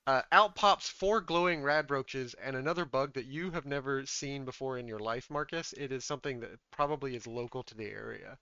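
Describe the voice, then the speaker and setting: Smooth-voiced man running a tabletop game. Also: medium pitch, a little fast, few pauses, sharp tone, dry recording, dull audio. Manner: casual, chatty, upbeat. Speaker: game master.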